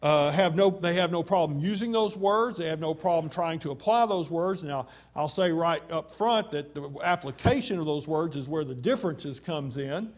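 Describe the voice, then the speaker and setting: A man preaching a sermon, slowing down to stress quoted scripture, with frequent "uh" fillers. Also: on the high side. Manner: measured and emphatic, slowing down on scripture; many fillers.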